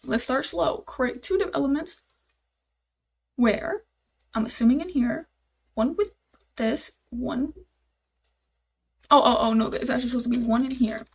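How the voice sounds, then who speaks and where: A woman's voice: sits high, measured pace, gravelly, pauses often, darkish tone, husky. A young woman live-streaming while she codes, thinking aloud, repeating herself, and talking to her chat in casual, easily exasperated chatter.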